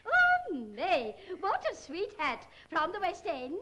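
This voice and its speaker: A woman's voice: very high-pitched, wildly swooping pitch, slow pace, pushed and bright, heavily acted. A woman playing a fussy, bossy middle-aged housewife who puts on airs, on a 1930s film soundtrack. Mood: genteel. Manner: fussy, scolding, putting on airs.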